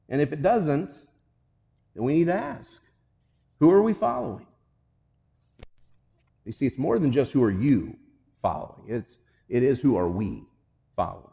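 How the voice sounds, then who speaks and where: A man's voice: mid-range voice, big pitch swings, moderate pace, vocal fry, pauses often, mellow, in a large hall. A male pastor preaching a sermon, telling a story and then pressing emphatic, repeated questions on the congregation.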